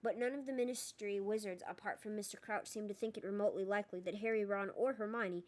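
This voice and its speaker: A woman reading a novel aloud as narrator, steady and expressive with small slips. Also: mid-range voice, quick pace. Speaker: audiobook reader.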